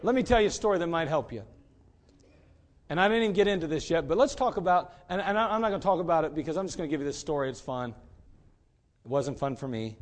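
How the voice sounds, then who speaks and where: A man's voice: a little high, fast. A middle-aged man, a pastor, preaching emphatically and telling a story. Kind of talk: sermon.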